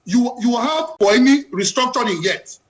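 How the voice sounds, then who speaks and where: A Nigerian man speaks with a high-pitched voice and fervent, emphatic delivery. He presses his points hard and keeps talking over the host as a live TV guest. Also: lively intonation, normal speed, a loud crowd, low-quality recording. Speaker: studio guest commentator. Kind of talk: impassioned political commentary.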